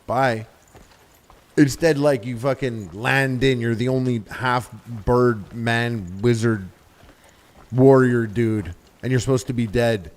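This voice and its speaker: A man's voice: mid-range voice, takes it slowly. A man chatting casually over a video game stream. He swears freely, cracks jokes and keeps mimicking the characters he meets. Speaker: livestreamer. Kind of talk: casual gameplay commentary.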